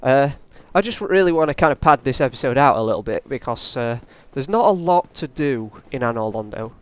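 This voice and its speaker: A man's voice: mid-range voice, expressive, a little fast. A man doing casual, rambling let's play commentary, often taunting the enemies on screen. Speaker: gaming channel host.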